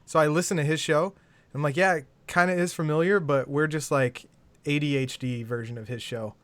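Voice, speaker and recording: A man hosting a podcast, talking fast and casually and swearing freely. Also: on the high side, fairly even intonation, a little hiss or hum. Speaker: podcast host. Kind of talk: casual chat.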